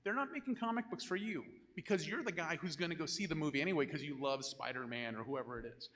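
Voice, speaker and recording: A bright, forceful older man on a convention panel, telling candid stories with jokes mixed in. His voice rings out in a hall with a long reverb tail. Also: a little high, fast talker. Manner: candid, joking, animated anecdotes. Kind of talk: live panel storytelling.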